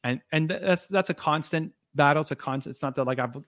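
Man, podcast guest, earnest and motivational, slightly high voice, dry close mic. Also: fast talker, a bit bright, no room sound. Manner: earnest, motivational, many restarts and fillers. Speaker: podcast guest, video creator. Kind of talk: conversational interview.

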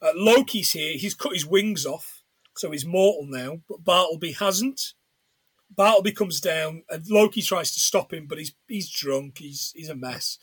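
A man's voice: a little high, unhurried, fairly bright tone, slightly rough, no echo. A man chatting casually on a podcast, retelling a film's plot and laughing along. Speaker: podcast co-host. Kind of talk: casual film recap chat.

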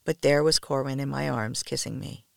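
Woman storyteller, first-person narration, soft and intimate, gravelly texture, dry close sound. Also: very deep voice, normal speed, no room sound. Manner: soft, intimate, often near a whisper. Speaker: podcast storyteller.

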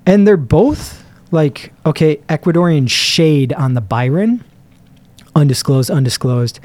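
A man co-hosting a casual podcast, talking excitably and enthusiastically, often trailing off mid-sentence as he hunts for words. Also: a little high, a little slow, dry recording. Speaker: podcast co-host reviewing cigars. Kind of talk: casual chat.

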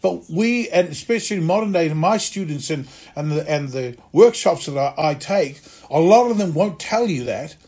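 A male actor and acting teacher telling stories from his career in a lively way, acting out the voices of people he quotes. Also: fairly high pitch, normal speed, few pauses, slightly rough. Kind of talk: conversational storytelling interview.

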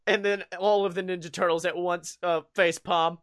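A man's voice: high voice, little pitch movement, normal speed, a bit bright. A man hosting a podcast, recapping a movie in a rambling, profane way with frequent laughs. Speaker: podcast host. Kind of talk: casual chat recapping a movie.

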